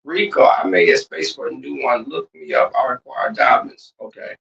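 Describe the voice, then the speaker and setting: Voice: medium pitch, big pitch swings, moderate pace, gravelly. Profane, teasing livestream host in a roomy space. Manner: loud, profane and teasing, with sudden shouts and laughs. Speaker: livestream host reading chat. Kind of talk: casual livestream chat. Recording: roomy, distant, dull lo-fi sound.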